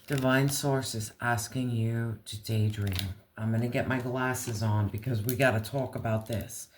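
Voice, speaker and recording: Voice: mid-range voice, steady tone, a little hiss or hum. A tarot reader giving a casual reading, talking straight to the viewer in blunt slang and swearing freely. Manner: speaks slowly, talks straight to viewer.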